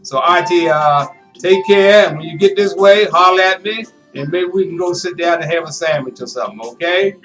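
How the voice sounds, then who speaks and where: A man's voice: high voice, brisk, a bit bright, soft background music. A man hosting a sports talk show in a folksy, casual way, often adding "man" to his sentences. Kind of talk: casual interview chat.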